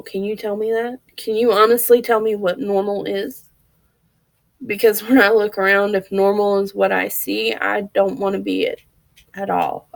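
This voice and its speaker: Woman, personal vlog, open and heartfelt, gravelly voice, mid pitch. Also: darkish tone, no echo, rough recording. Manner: earnest, open, talks to viewers directly. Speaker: vlogger.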